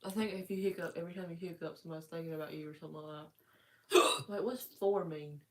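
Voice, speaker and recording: A woman's voice: lowish voice, fast talker. A woman chatting casually on a live stream, easygoing and joking.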